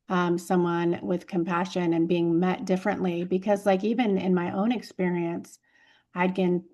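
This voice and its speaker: A woman's voice: lowish voice, a little mellow. A woman hosting an interview podcast and coaching, speaking in an affirming, emphatic and frank way.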